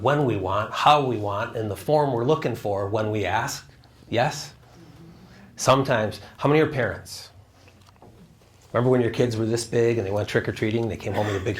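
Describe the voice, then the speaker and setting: An earnest man telling a personal story to an audience, his voice sitting a bit low. He acts out the back-and-forth of a conversation and asks his listeners questions. At moments he sounds close to tears. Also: slight background noise. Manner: earnest, quoting dialogue, addresses audience with questions. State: choked up, near tears. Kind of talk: storytelling talk with a spiritual message.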